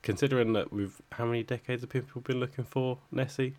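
A man's voice: medium pitch, steady tone, quick pace, darkish tone. A man co-hosting a podcast, chatting casually and wryly about a film, often asking questions. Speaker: podcast co-host. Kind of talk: casual film review chat.

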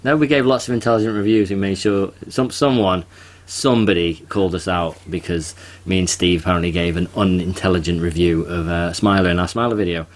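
A man's voice: low-pitched, fairly even intonation, brisk, hardly any pauses. A man co-hosting a casual podcast, talking in a chatty way with frequent restarts and self-corrections. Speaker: podcast co-host. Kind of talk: casual chat.

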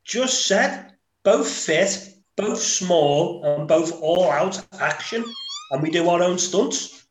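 A man jokes in a slow, deadpan way, sounding smugly boastful. His voice is a bit high for a man. The room has a clear echo. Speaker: podcast co-host. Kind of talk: casual banter.

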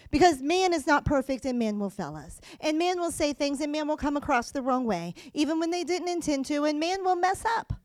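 High-voiced woman preaching a sermon. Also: no room sound, studio quality. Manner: animated, acts out voices, swings between soft and loud.

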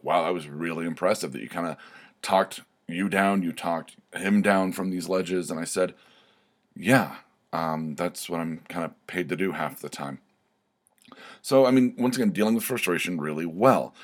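A man with a very low, deep voice talks through a casual solo podcast update. He rambles, circles back and fills gaps with ums and you-knows, keeping an easygoing, chatty flow. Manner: rambling, many fillers and restarts. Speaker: podcast host.

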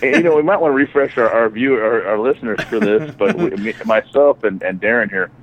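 A man co-hosting a podcast who tells stories in an animated way and laughs often. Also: mid-range voice, fairly quick, a crowd in the background. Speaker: podcast co-host. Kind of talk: casual storytelling chat. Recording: tinny phone-like sound.

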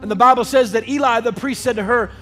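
A man's voice: very high voice, fast, sharp tone, faint music behind. A man preaching a sermon in a church, emphatic and calling out questions to the congregation. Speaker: pastor.

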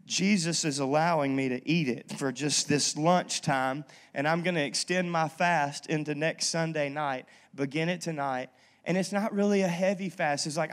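A man preaching a sermon as pastor, talking in a casual, lively storytelling way and checking in with the congregation. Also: fairly high pitch. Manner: conversational, lively storytelling with frequent "okay?" asides. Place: church.

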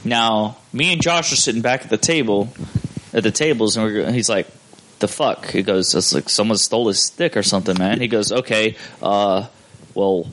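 A young man hosting a podcast, telling a story in a relaxed, profane way. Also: on the low side, moderate pace, a little hiss or hum, low-quality recording. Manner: profane, laid-back storyteller. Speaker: podcast host. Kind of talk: casual storytelling chat.

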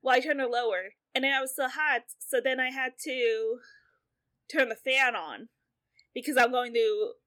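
A woman in her late twenties chatting casually as a podcast co-host, animated and swearing a lot, often laughing through her words. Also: sits high, normal speed. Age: 20s. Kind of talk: casual chat.

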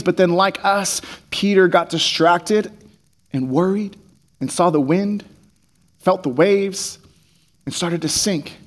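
A man preaching a conversational sermon, reading scripture aloud and then explaining it in plain, casual speech. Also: sits high. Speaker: pastor.

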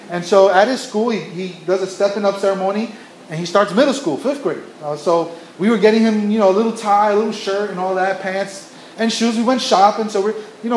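A man's voice: high voice, slight background noise. A man preaching a sermon as a pastor, telling stories earnestly with frequent restarts and repeated phrases. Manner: earnest storytelling with many restarts and repetitions. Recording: echoey room.

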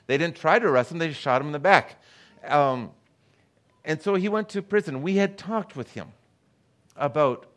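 As a guest pastor, a middle-aged man delivers a sermon in a fairly high, expressive voice with a fairly bright tone at normal speed. He tells stories, voicing each person he quotes.

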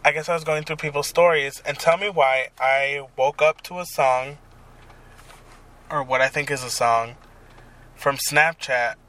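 A man's voice: on the high side, fairly even intonation, a little slow, pushed and bright. A young man hosting a casual solo podcast from his parked car, rambling and swearing as he talks. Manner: crude, rambling, profane storytelling. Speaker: podcast host.

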